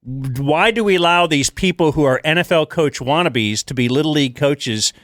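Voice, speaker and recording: A middle-aged talk show host sets up a long, rambling question in casual chat. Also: male voice, fairly high pitch, normal speed, fairly bright tone, dry recording, studio quality.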